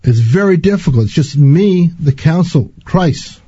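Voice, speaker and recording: Man, husky low-toned voice, earnest spiritual testimony, dull lo-fi sound. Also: lively intonation, warm tone, dry recording. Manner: earnest, slow and deliberate. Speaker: spiritual speaker.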